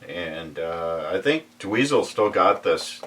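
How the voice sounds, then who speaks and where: A middle-aged man chatting casually and showing off his collection in a record shop, relaxed and chuckling now and then. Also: low voice, recorded from a distance. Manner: relaxed, unhurried, chuckles while recalling. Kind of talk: casual chat.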